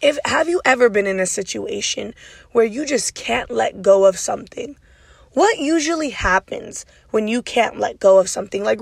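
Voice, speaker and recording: A woman hosting a motivational podcast, loud and passionate, with a naturally raspy voice, speaking straight to her listeners. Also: a little high, dry recording, studio quality. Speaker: podcast host.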